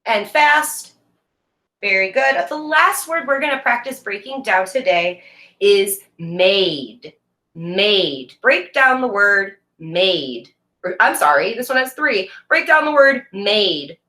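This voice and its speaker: A woman teaching a reading lesson to young students in a recorded video, speaking slowly and clearly and praising them often. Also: medium pitch, expressive, sharp tone. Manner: slow, clear, encouraging teacher talk with drawn-out words. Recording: echoey room.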